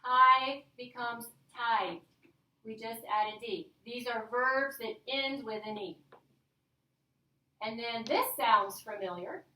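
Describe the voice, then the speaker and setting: A woman with a high, bright voice leads a grammar class. She speaks slowly and coaxingly, and keeps checking that the class is following. The sound is roomy and echoey, picked up from some distance. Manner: upbeat, coaxing, checks in with "all right?". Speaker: teacher.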